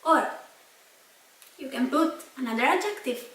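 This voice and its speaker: A young Italian woman with an Italian accent, teaching a language lesson slowly and carefully, repeating each word. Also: sits high. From Italy. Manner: spells out and repeats words slowly. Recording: echoey room, mic at a distance.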